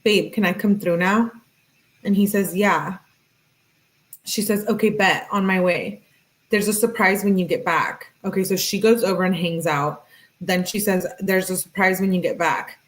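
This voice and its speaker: A woman's voice: fairly low pitch, normal speed, rough recording. A woman hosting her channel, reading text messages aloud in a plain voice and breaking off for casual asides. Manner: plain read-aloud delivery broken by offhand asides. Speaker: channel host.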